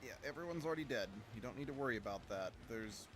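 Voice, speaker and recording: A man's voice: mid-range voice, animated, fast talker, noisy background. A man streaming a video game, chatting casually and joking as he plays. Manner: joking, reads game lines in put-on voices. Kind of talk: casual let's-play commentary.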